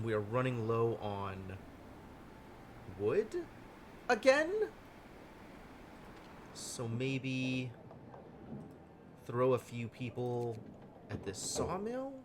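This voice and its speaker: A man streaming a strategy game live, thinking aloud with wry deadpan asides. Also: medium pitch, noisy background. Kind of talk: live gameplay commentary.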